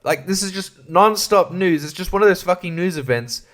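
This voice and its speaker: A man's voice: high voice, moderate pace, fairly bright tone. A man hosting a solo podcast, ranting in a profane, irreverent way and laughing mid-sentence. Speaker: podcast host. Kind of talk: casual solo podcast rant.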